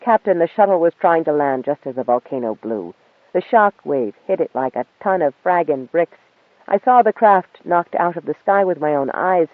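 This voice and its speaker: A worn-out survivor, stocky and fed up, scoffing at the idea of going back. A man puts him on, reading an audiobook, and the voice rides high through a narrow, phone-like sound. Nothing of a room comes through. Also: expressive, moderate pace, no echo, lightly acted. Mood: exasperated. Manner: weary, exasperated. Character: tired, stocky male survivor, exasperated.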